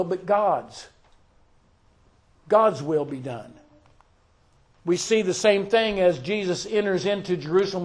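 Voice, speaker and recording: A man preaching a sermon, slow and deliberate, quoting scripture aloud and asking the listeners questions. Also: high voice, darkish tone.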